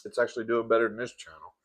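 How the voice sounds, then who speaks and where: A man's voice: mid-range voice, fast talker. A man hosting an eating show, chatting campily and calling viewers "girl" between bites. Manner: chatty and campy, calls viewers "girl", eats between sentences. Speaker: mukbang host. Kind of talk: casual eating-show chat to camera.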